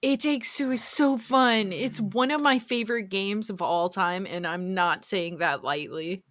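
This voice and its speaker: A woman's voice: medium pitch, unhurried, a bit bright, no room sound, clean studio sound. Giggly, teasing woman co-host. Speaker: podcast co-host. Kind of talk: casual chat.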